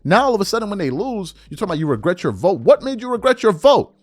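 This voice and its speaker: Animated man in a dry political rant. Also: high voice, fast, dry recording. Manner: animated, incredulous, rhetorical questions. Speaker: political commentary host. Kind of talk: political commentary monologue.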